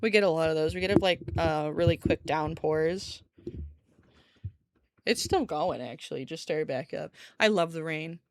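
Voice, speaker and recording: In a low, unhurried voice, a woman chats casually and ramblingly with her stream viewers, laughing often and swearing a little. She's set up in a room at home by a window with a desk streaming mic.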